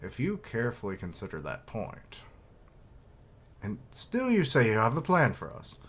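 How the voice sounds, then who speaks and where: A man reading aloud the lines of a stern male army general from a comic, in a measured way. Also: medium pitch, huge pitch swings, a bit bright, slightly rough, full character voice. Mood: irritated.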